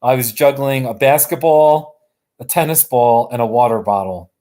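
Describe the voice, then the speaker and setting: A man hosting a live stream from his couch, chatting casually in a relaxed, rambling way and chuckling often. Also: medium pitch, normal speed. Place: sitting on a couch at home.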